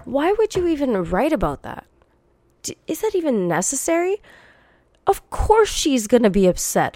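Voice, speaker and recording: A woman's voice: mid-range voice, sing-song, normal speed, darkish tone, no room sound. A young woman hosting a solo podcast, venting bluntly and profanely while coming down with a cold. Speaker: podcast host.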